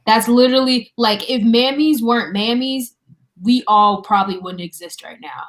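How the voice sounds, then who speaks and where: A woman's voice: a little high, moderate pace. A woman talking frankly in a casual group discussion over a video call, swearing freely. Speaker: panelist.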